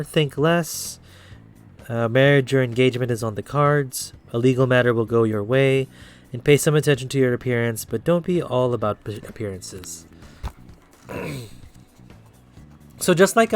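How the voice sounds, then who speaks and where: A man hosts a relaxed tarot stream, talking straight to his chat in a loose, upbeat way. His voice sits at an ordinary middle pitch. Soft music plays faintly underneath. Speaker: tarot reader and live streamer. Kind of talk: casual live-stream tarot reading.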